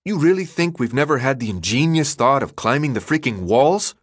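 A man's voice: mid-range voice, animated, fairly quick, dry recording, studio quality, pitched above the performer's own voice, natural voice. A man voicing a tough, panicky teenage boy in an audiobook, harsh and snapping. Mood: gruff, scornful. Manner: harsh, snapping, swings into despair. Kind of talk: audiobook character voice.

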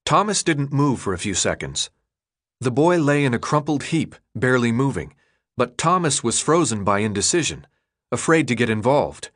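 A male audiobook narrator reading with steady, expressive delivery. His pitch sits mid-range but moves in lively swings through each sentence. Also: normal speed. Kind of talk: scripted narration.

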